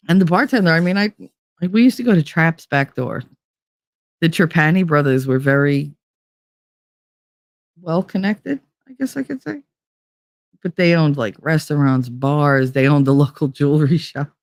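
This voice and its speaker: A middle-aged woman from Hoboken, telling personal stories in a blunt, profane, animated way as a podcast host. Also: low voice, normal speed, dry recording, studio quality. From Hoboken, New Jersey. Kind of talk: casual storytelling.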